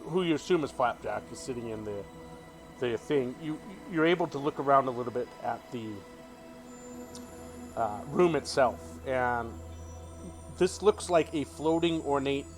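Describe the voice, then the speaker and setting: A man narrating a tabletop game as dungeon master in a relaxed, descriptive way. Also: medium pitch. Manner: descriptive, relaxed, filler-heavy.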